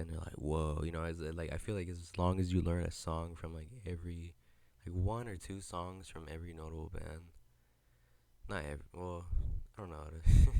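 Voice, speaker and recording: Young man, very deep, gravelly, casual podcast rambling, laid-back, swears a lot, dry close mic. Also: dark tone, dry recording. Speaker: podcast host. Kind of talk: casual solo podcast chat. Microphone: podcast mic with headphones.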